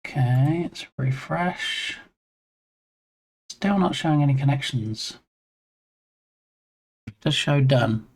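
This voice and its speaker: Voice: medium pitch, lively intonation, slow pace, long pauses. A live streamer debugging a hardware setup, muttering through each step, reading on-screen settings aloud and breaking off to greet viewers in chat. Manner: muses to self, reads screen text aloud, chats with viewers. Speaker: game dev streamer. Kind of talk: live-stream thinking aloud while troubleshooting. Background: headphones on.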